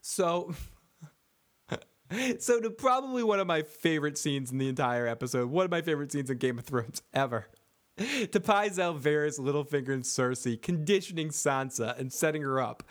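A man's voice: a little high, expressive, normal speed. A man hosting a casual TV recap show, joking and swearing as he rambles and reads chat comments. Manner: profane, joking, rambling with frequent laughs. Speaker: podcast host reading chat comments.

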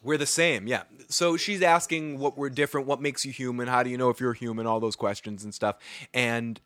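A man's voice: mid-range voice, steady tone, fairly quick, a bit bright, dry recording. A young man from Boston with a Boston accent, hosting a casual live recap chat, rambling and swearing freely with frequent laughs. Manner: profane, rambling, laughs often. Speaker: livestream show host.

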